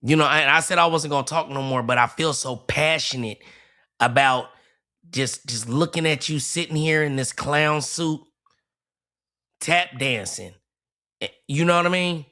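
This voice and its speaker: A man's voice: fairly high pitch, a little slow, bright, forceful tone. A man reacting to a clip on his livestream, mocking and repeating himself, stumbling over restarts. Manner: mocking, repetitive, stammers and restarts. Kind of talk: heated livestream commentary.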